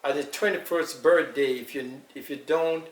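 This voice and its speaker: An older man with a Jamaican accent, recalling his family's past in an unhurried, storytelling way during an interview. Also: on the high side. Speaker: elder being interviewed. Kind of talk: casual recollection. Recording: echoey room, far from mic, faint noise.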